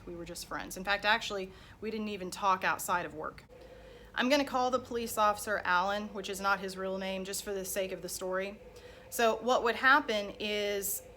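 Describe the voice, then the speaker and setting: A woman's voice: mid-range voice, sharp tone, a little hiss or hum. A woman life coach telling a personal story in a candid, conversational way.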